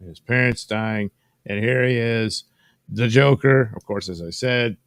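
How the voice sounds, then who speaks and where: A man's voice: mid-range voice, a little slow, smooth, no room sound. A man casually recapping a comic book with rambling, folksy, wry asides as host of his own show.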